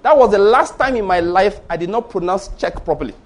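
With a Yoruba accent, this middle-aged Nigerian pastor preaches in a fairly high male voice, his intonation lively and his pace fairly quick. He tells stories animatedly, voices the dialogue himself, and fires rhetorical questions at the congregation.

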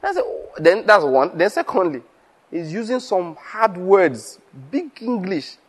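Animated preacher man. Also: high voice, unhurried, breathy edge. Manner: lively storytelling, acts out dialogue, laughs often. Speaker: pastor. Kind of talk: sermon to fellow preachers.

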